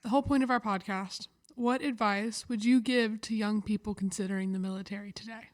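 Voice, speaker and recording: A woman's voice: medium pitch, fairly even intonation, a little fast. A woman hosting a podcast interview, mostly giving brief encouraging responses and asking questions.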